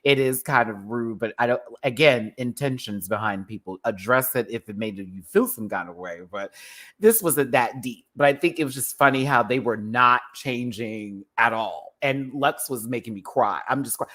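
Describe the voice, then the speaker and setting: A man ranting casually as a show reviewer, sassy and animated, laughing often and swearing freely. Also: mid-range voice, normal speed. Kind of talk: casual reaction rant.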